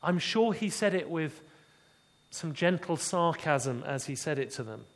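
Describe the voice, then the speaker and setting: A man preaching a sermon in a fairly high voice. He is expressive and dramatic, often dropping low and quiet to drive a point home. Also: a little slow.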